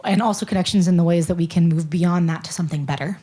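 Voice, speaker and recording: A woman's voice: fairly low pitch, quick pace, warm tone, slightly rough. Polite woman asking an audience question.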